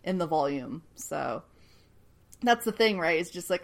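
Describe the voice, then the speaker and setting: A woman's voice: fairly low pitch, animated, measured pace, vocal fry. A woman co-hosting a casual podcast, recapping a TV episode with lots of laughter and the odd swear word. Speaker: podcast co-host.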